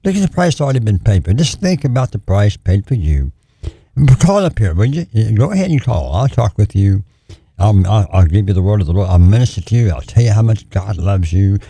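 On a call-in ministry broadcast, a preacher with a deep, husky, dark and gravelly voice pleads earnestly, repeating phrases for emphasis and swinging widely in pitch. He's very animated and brisk. The sound is dry and close, with no room sound.

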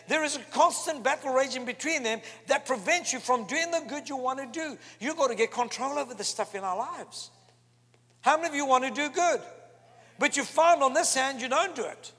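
A man preaching a sermon, emphatic and animated, often acting out quoted voices. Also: very high voice, breathy edge. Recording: long hall reverb with faint music.

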